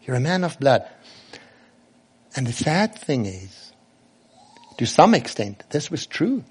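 A man's voice: mid-range voice, very animated, slow, breathy edge. A man preaching a sermon earnestly, often turning to ask the children direct questions.

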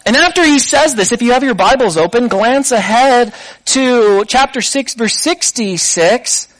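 A man delivers a sermon in a high-pitched voice, recorded close and dry. He keeps the tone conversational and draws listeners in with rhetorical questions. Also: expressive, unhurried, a bit bright, no room sound, poor audio. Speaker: preacher.

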